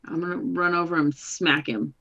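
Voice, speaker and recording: A woman's voice: lowish voice, fairly even intonation, normal speed, a bit bright, highs cut off. A woman playing a tabletop game in a giggly, playful way. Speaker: player. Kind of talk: casual tabletop play.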